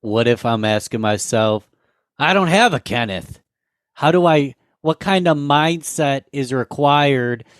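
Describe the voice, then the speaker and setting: A man's voice: medium pitch, animated, unhurried, dry recording. Podcast host man, dry close sound. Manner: rambling, stacks several questions at once. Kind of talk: podcast interview.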